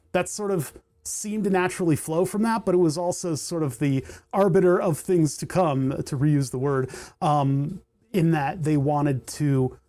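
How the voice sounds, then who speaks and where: A man's voice: a little high, warm tone. A middle-aged man hosting a casual livestream while soldering, rambling with lots of fillers and restarts and laughing at himself, from a home workshop. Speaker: livestream host.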